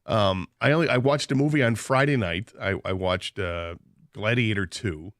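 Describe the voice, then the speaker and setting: A man's voice: fairly low pitch, normal speed, fairly bright tone, no echo, studio quality. A man hosting a radio show, telling a story in casual banter and laughing often.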